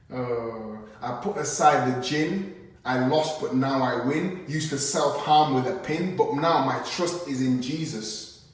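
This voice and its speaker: A man performing rhyming spoken word poetry with a steady, earnest cadence. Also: medium pitch, slow pace. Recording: very echoey room, mic at a distance.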